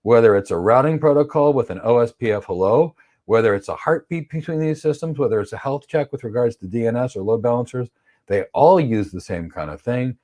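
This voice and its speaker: A man teaches a cloud certification course on a livestream in a warm, mid-range voice with lively intonation, going a little fast. He reads viewer questions aloud and answers them bluntly and with strong opinions, acting out examples in playful voices.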